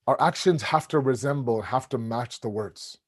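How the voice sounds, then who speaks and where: A middle-aged man giving a sermon-style religious lecture, talking in a lively way with quick restarts and acting out small everyday scenes. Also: medium pitch, no echo, studio quality. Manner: lively, acts out little scenes in different voices; quick restarts and repeated words.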